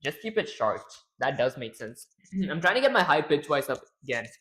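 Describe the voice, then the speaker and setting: A man's voice: a little high, very animated, normal speed, pushed and bright. A man on a casual livestream, rambling to himself and to chat as he builds a game. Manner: rambling, talks to himself while working. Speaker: streamer and game developer.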